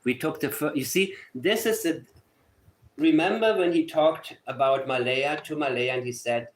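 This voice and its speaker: A man's voice: on the high side, normal speed. A man hosting a true-crime livestream, talking to his chat in a sarcastic, mock-emotional way. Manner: reads letters aloud in a syrupy mocking tone. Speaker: livestream host.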